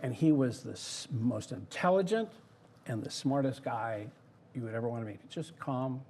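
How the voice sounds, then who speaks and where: A man's voice: medium pitch, moderate pace. An older man, a former theme park designer, telling anecdotes in a casual interview and acting out what other people said. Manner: lively storyteller who acts out others' words.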